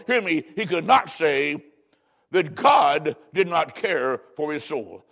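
A man's voice: fairly high pitch, animated, slow pace, creaky, fairly bright tone. A man from Illinois preaching a sermon, reading scripture solemnly and stretching out words for dramatic emphasis. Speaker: pastor.

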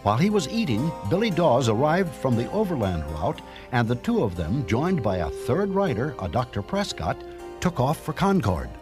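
Male narrator for a cartoon history story, measured, expressive, clear music underneath. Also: medium pitch.

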